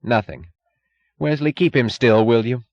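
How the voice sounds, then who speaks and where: A man's voice: mid-range voice, a little slow, darkish tone, no echo, lo-fi sound, pitched above the performer's own voice, lightly acted. A man reading an audiobook, voicing a bitter, overwrought middle-aged tycoon with a trembling, feverish intensity. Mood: tense.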